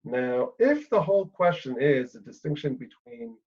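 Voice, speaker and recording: A man lecturing on a Bible passage, thinking aloud with pauses and fillers and often checking in with "right?". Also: on the high side, very animated, a little mellow, breathy edge, dull audio.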